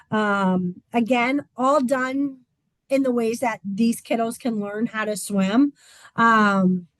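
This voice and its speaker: Woman swim teacher chatting away, lots of ums, fairly high voice, dry close sound. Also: no echo, poor audio. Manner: chatty, with frequent "um" fillers. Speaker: swim instructor. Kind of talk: casual informational talk.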